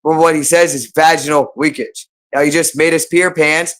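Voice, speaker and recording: A man's voice: a little high, fairly even intonation, normal speed, a bit bright. A man talking unscripted on a livestream, heavily profane and repeating the same phrases again and again. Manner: repeats phrases over and over, heavy swearing.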